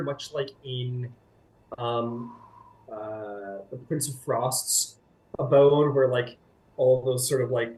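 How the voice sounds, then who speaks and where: A man's voice: mid-range voice, slight background noise. A man narrating a tabletop game as game master in a casual, rambling way full of fillers. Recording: echoey room with faint music.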